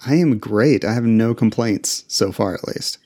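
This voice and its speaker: A man's voice: lowish voice, normal speed, warm tone. A young man from Utah, a filmmaker guest in a casual interview, easygoing and often chuckling between thoughts. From Utah, United States.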